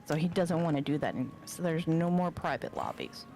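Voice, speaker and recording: A woman's voice: deep voice, brisk, a little mellow. A woman co-hosting a game stream, chatting casually and agreeing in short replies. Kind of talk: casual gaming stream chat.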